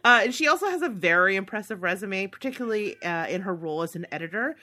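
Bright, lively woman podcast co-host. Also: medium pitch, fast. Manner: chatty, laughs often, upbeat. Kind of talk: casual chat.

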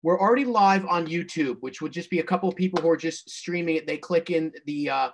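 A man's voice: a little high, quick pace, slight background noise. A man hosting a video call, explaining the stream setup in a rambling way with many fillers. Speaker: host and stream producer.

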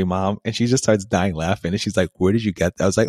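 A man's voice: on the low side, quick pace, few pauses, no room sound. A man in his thirties co-hosting a podcast, telling a personal story in a rambling way full of fillers and laughs. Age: 30s. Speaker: podcast co-host.

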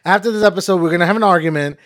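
A man's voice: sits high, very fast, fairly bright tone. A man co-hosting a podcast with his partner, laughing often and talking in loose slang. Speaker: podcast co-host. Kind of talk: casual couple chat.

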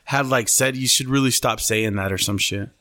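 A man's voice: medium pitch, normal speed, pushed and bright, no echo. A man co-hosting a casual podcast, swearing freely and laughing as he acts out quotes. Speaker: podcast co-host.

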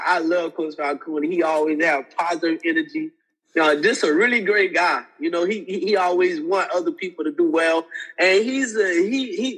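A man guesting on a podcast tells animated, laughing stories and acts out the voices of people in them. His voice sits high for a man and has a husky, slightly raspy edge. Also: rough recording. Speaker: podcast guest, former football player. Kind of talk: casual storytelling.

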